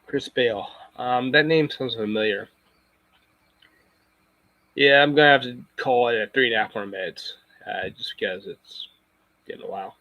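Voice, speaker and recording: A man's voice: mid-range voice, moderate pace, long pauses, no room sound, muffled recording. A man chatting casually on a live stream, rambling and circling back with frequent restarts. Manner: rambling, full of fillers and restarts.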